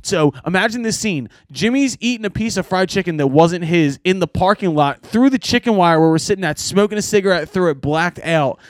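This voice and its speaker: A man on a podcast casually telling band road stories, animated and swearing, laughing often. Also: sits high, fairly quick, hardly any pauses, dry recording. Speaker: podcast co-host and band member. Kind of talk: casual storytelling chat.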